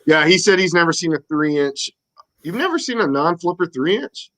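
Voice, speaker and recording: A man's voice: on the high side, lively intonation, brisk, a bit bright. Joking, foul-mouthed man in casual chat. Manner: profane, joking, laughs often. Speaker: co-host.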